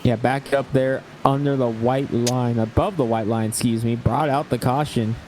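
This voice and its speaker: A man's voice: medium pitch, fairly even intonation, normal speed, a little mellow, low-quality recording. A man giving color commentary on a sim race over an online call, chatty and asking his partner questions. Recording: online call with faint noise.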